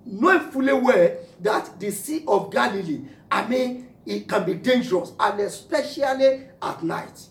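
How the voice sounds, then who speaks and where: A man's voice: high voice, lively intonation, a little slow, few pauses. A man preaching a sermon as pastor, declaring and repeating phrases for emphasis. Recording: echoey room, mic at a distance.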